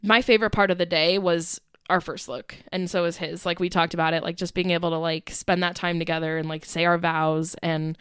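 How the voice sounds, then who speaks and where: A woman's voice: on the low side, flat delivery, a little fast, hardly any pauses, fairly bright tone, smooth, no room sound, studio quality. A young woman co-hosting a podcast in casual chat, talking easily with lots of fillers and frequent laughter. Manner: chatty, laughs often, many "like" fillers. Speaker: podcast co-host.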